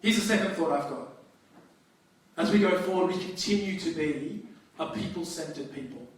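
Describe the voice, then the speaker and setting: A man preaching a sermon as pastor, talking in a conversational, lively way with frequent restarts. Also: on the high side, moderate pace. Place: church hall. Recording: very echoey hall, distant mic.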